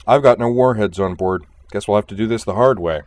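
A deep-voiced man voicing a cool-headed woman fighter pilot who leads her squadron, speaking in brisk, commanding radio calls. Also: darkish tone, natural voice. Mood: wry.

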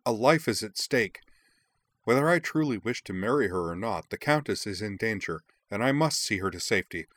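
A man's voice: on the low side, expressive, a little fast, a bit bright, dry recording, voice pushed up. A man voicing a young boy prince who speaks with urgent, put-on mature dignity. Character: earnest, self-serious boy prince.

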